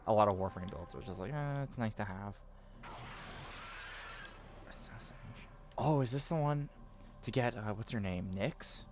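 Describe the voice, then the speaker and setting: Low-voiced sweary gamer. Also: male voice, fairly quick. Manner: sweary, animated, rambling. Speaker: gaming streamer. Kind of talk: casual gameplay commentary. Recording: noisy game stream.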